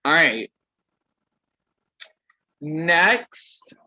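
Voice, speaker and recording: A man's voice: a little high, very animated, drawn-out words, bright, forceful tone, poor audio. A young man casually reading roasts aloud to a group on a call, stumbling over words and laughing.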